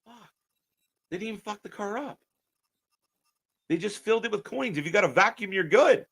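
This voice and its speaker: A man ranting on a live stream as a wrestling commentator, profane and mocking, swinging between muttering and shouting. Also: high-pitched, expressive, moderate pace, creaky, slightly rough.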